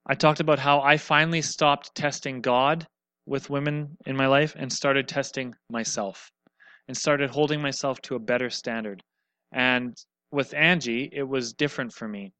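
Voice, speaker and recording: A man's voice: mid-range voice, dry recording. A man preaching a sermon, retelling a scripture story with humor and acting out the quotes. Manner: lively storyteller, acts out quotes, wry humor.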